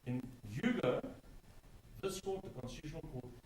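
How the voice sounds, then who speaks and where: A man's voice: fairly high pitch, normal speed, a little mellow, echoey room, slight background noise, poor audio. A man arguing a case in court as an advocate, stressing key words by repeating them. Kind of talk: courtroom legal argument.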